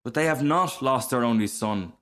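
A man voicing a blunt, practical male Roman candle firework in a storybook reading, with a gruff, indignant manner. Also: mid-range voice, moderate pace, fairly bright tone, close to an everyday voice.

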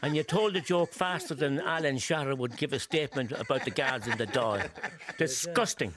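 A man's voice: medium pitch, moderate pace, a crowd in the background. An older man, a comedian who rants in mock indignation and repeats his punchlines.

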